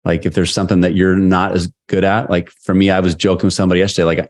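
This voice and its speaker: Low-voiced middle-aged guy telling candid stories on a podcast, lots of restarts. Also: fast, hardly any pauses. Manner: candid, animated storyteller with many restarts. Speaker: guest, sales leadership coach. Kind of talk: storytelling interview answers.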